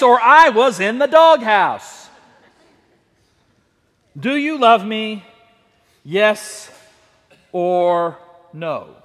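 High-voiced preacher in a reverberant hall. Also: male voice. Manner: animated, leads call-and-response with congregation. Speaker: pastor. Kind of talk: sermon. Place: church sanctuary.

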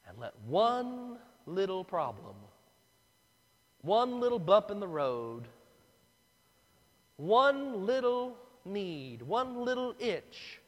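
This man preaches a sermon in a high voice with big pitch swings and a slightly bright tone, speaking slowly with long pauses. He tells the story dramatically, acting out the crowd's voices, and a large hall's long reverb surrounds him.

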